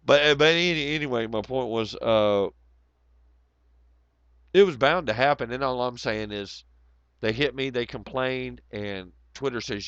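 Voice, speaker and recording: A man hosting a casual livestream. His voice is hoarse and nearly gone, and he rambles in a sardonic, profane way. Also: medium pitch, measured pace, a bit bright, no echo, highs cut off. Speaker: livestream host.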